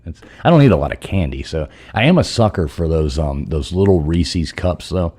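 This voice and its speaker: A man with a very deep, dark voice. He teases the others and rambles fondly in a casual video chat. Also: lively intonation, moderate pace, breathy edge. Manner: teasing, rambling. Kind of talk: casual group chat on a stream.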